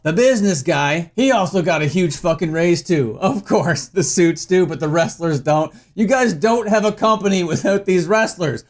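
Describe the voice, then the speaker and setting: A young man angrily ranting as a channel host, heated, exasperated and swearing freely. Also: sits high. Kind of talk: angry rant to camera.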